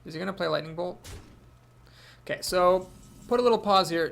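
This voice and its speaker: A man's voice: high-pitched, fairly quick, gravelly, a bit bright. A man thinking aloud as he commentates his own card game, with wry asides. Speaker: gameplay commentator.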